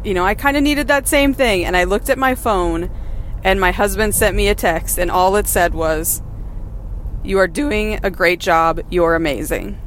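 A woman's voice: mid-range voice, moderate pace, a little hiss or hum. Mom podcast host talking from her car. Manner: candid, encouraging, laughs now and then. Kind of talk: casual personal monologue. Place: in a car while driving.

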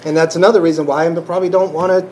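Guy telling his faith story, halting and emotional, lots of restarts, bit of faint background noise. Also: a little high, little pitch movement, a little mellow, low-quality recording. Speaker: church member sharing testimony. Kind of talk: personal faith testimony.

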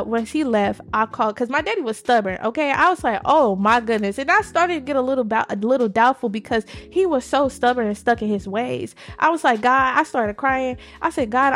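A woman co-hosting a podcast, telling a faith testimony in an emphatic, animated, casual way. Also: fairly high pitch. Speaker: podcast co-host.

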